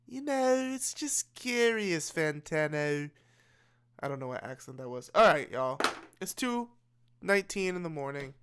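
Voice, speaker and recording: Young guy, stream host, late-night casual chat, rambly with repeats, smooth tone a touch high. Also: fairly bright tone. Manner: rambling, repeats and restarts words. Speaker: livestream host.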